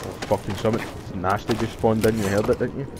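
A young man giving live gameplay commentary, excitable and profane, yelling and cheering at the game. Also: fairly low pitch, fast, background noise. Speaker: gamer. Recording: voice over loud game music.

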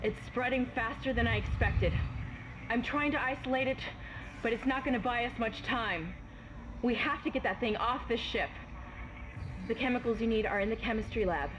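Brief: actress as urgent female comms officer, video game, raised pitch, hissy lo-fi sound. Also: normal speed, natural voice. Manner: urgent, clipped instructions. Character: woman crew officer guiding over comms, urgent. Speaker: mission guide in a video game. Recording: dull lo-fi game audio with noise.

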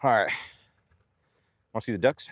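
A man vlogging outdoors while feeding his farm animals, excitable and out of breath, laughing and talking to the animals as he goes. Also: lowish voice, moderate pace, no echo.

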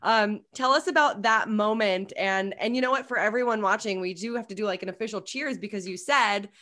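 A woman's voice: medium pitch, fairly quick, bright, forceful tone. A woman hosting a casual interview show, asking questions in an eager, effusive way. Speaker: podcast host.

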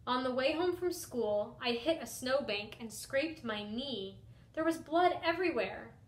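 An expressive young woman teacher reads a children's picture book aloud in a lively first-person storytelling style. Her voice sits fairly high, and the recording has a roomy echo. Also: a little slow.

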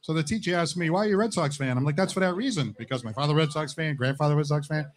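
A man hosting a live variety show, upbeat and jokey, giving shout-outs to viewers. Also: a little high, very fast. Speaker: show host.

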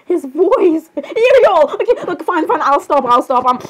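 A young woman doing a playful, giggly role-play with character voices, excitable and full of fillers and laughter. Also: high-pitched, moderate pace, rough recording.

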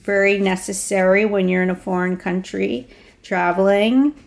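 A woman casually showing off a handmade travel journal to the camera, talking in an unhurried way with fillers and small restarts. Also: medium pitch, steady tone, vocal fry. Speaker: craft vlogger. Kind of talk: casual show-and-tell narration.

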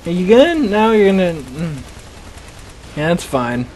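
A young man with a fairly high voice rambles through his gameplay, teasing the enemies and laughing at his own jokes. Faint background hiss sits under his talk. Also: very animated, a little slow, darkish tone. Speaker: gaming channel host. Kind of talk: casual gameplay commentary.

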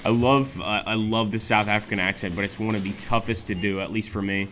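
Excitable man narrating a war game. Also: on the low side, brisk. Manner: excitable, exclaims often, addresses viewers as guys. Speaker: gaming channel host. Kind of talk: let's play commentary.

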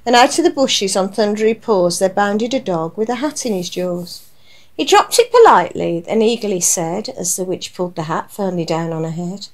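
A woman reading a rhyming children's picture book aloud on radio, with lively, expressive storytelling. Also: mid-range voice, normal speed.

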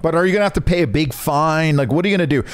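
A man's voice: fairly high pitch, rapid-fire, smooth, no room sound. A young man co-hosting a podcast, teasing a guest with pushy, joking hype. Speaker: podcast co-host. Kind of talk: crude comedic podcast banter.

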